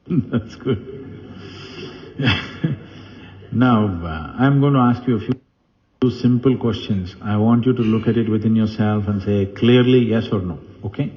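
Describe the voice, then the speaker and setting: A man's voice: medium pitch, muffled recording. A man giving a spiritual talk, telling stories with animation and asking the audience questions. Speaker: spiritual teacher. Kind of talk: spiritual discourse with storytelling.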